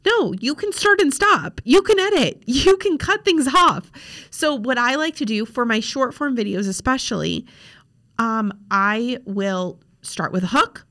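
A woman's voice: fairly high pitch, expressive, unhurried, a bit bright. A young woman hosting a podcast as a social media coach, talking casually and frankly with plenty of fillers. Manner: chatty, frank, many fillers. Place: home desk with laptop.

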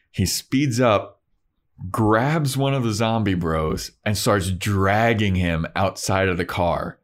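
A man's voice: low voice, a little slow. A man co-hosting a podcast, chatting casually and slangily while recapping an episode. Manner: laid-back, slangy. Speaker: podcast co-host.

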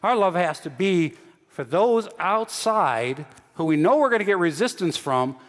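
A man's voice: sits high, expressive, measured pace. A man preaching a sermon as pastor, teaching earnestly and often repeating or restarting phrases. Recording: long hall reverb.

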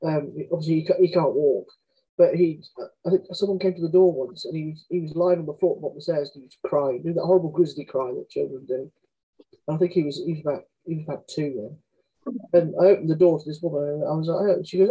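A woman's voice: deep voice, fast talker, warm tone, husky, dull audio. A woman, an author telling candid stories in conversation, chatty and frank, often acting out quoted dialogue. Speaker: author guest.

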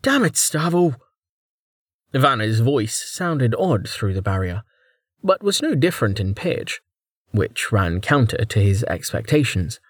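Male narrator, animated and dry-sounding, expressive fantasy reading. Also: on the low side, unhurried, husky, no echo. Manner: expressive storytelling. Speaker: audiobook narrator. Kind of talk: scripted narration.

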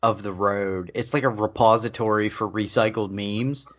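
Man, lowish voice, dry matter-of-fact tone, dull lo-fi audio, casual podcast chat. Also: fairly even intonation, moderate pace. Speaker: podcast co-host.

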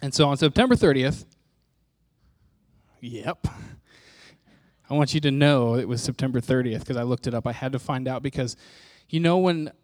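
A man's voice: mid-range voice, moderate pace, pauses often. A man preaching a testimony to his congregation in a candid, self-mocking way, acting out bits of dialogue as he tells the story. His voice sits in a middle range and sounds dry and close, with no room echo. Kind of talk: personal testimony sermon.

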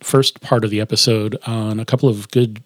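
A man's voice: fairly low pitch, level tone, a little fast, no echo. A man hosting a casual podcast chat, explaining at length with frequent restarts. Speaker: podcast host.

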